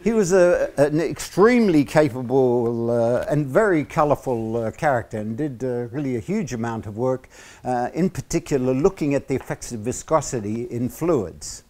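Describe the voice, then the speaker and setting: Aussie guy lecturing at uni, lots of uhs, cracks little jokes, mid pitch. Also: lively intonation, a little mellow. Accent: Australian. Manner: halting, many "uh" fillers, joking asides. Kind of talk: university lecture.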